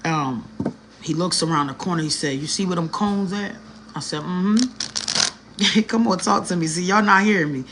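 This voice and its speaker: A woman's voice: on the low side, normal speed, noisy background. A woman telling a personal story in a casual, slangy vlog, talking straight to her viewers with an earnest, emotional edge. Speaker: vlogger.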